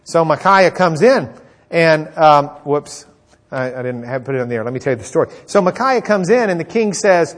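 A man preaching a sermon, retelling a Bible story in a lively way and acting out the characters' lines. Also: fairly high pitch, normal speed.

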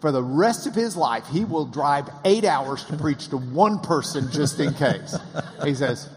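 A man telling an animated anecdote in a casual way, acting out the quoted voices and laughing now and then. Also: a little high, measured pace. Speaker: interviewer and storyteller. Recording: long hall reverb.

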